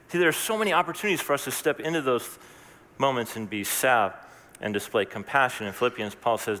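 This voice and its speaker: A man's voice: medium pitch, fast talker, pushed and bright, in a large hall. A man preaching a sermon as pastor, talking in a conversational, earnest way with asides and restarts.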